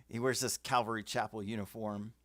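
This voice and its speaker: A man's voice: lowish voice, fairly bright tone, dry recording. A man hosting a casual livestream, giving firm opinions and reading out viewer comments. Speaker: livestream host. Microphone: webcam setup.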